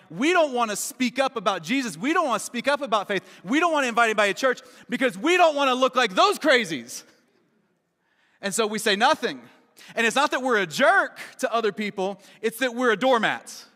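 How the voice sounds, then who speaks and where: A bright, high-voiced man from Kentucky preaching a relaxed, conversational sermon with jokes. His voice rings with a long reverb off a large church auditorium. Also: brisk. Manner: conversational and joking, lots of "right?" and "man". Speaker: pastor. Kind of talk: casual sermon.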